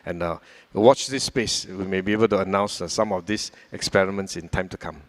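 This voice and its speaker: An older Singaporean man answering audience questions at a public fireside chat, speaking in a measured way with many hesitations. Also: sits low, fairly even intonation. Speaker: government minister answering questions.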